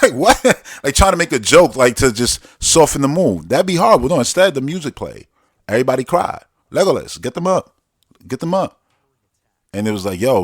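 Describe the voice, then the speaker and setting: A man hosting a podcast in an animated, joking rant, his voice sitting at a middle pitch. He jumps from loud bursts to low muttered asides. The sound is dry and close. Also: no echo. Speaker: podcast host. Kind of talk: casual commentary rant.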